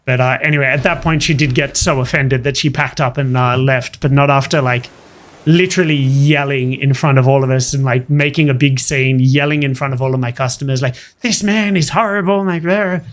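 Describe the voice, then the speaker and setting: A gaming channel host with a medium-pitched, brisk voice casually comments on his matches. Chatty and animated, he tells stories from work over the gameplay.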